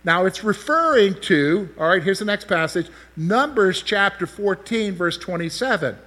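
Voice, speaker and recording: A man's voice: high-pitched, animated, normal speed, bright, forceful tone. A man preaching a sermon, explaining scripture and asking the listeners questions as he teaches. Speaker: pastor.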